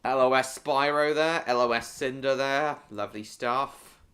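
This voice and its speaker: A man's voice: medium pitch, unhurried, pushed and bright. A man streaming video games live, talking casually in a giggly, silly, self-mocking way.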